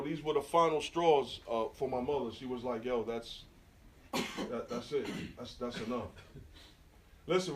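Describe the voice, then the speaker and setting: A middle-aged man tells his stories in a lively, slangy style and talks straight to the crowd. His voice sits a little high for a man. He was caught on a smartphone from out in the audience, so it sounds distant and echoey in the room. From New York. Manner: animated storyteller, slangy, addresses the crowd directly. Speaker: graffiti artist giving a live talk. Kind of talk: storytelling talk to a live audience. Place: event venue, indoors. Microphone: smartphone recording from the audience. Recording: roomy smartphone recording from far off.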